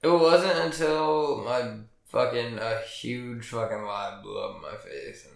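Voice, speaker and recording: A man's voice: medium pitch, takes it slowly, gravelly. A young man co-hosting a podcast in casual chat, laid-back, laughing often and swearing freely. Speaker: podcast co-host. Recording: echoey room.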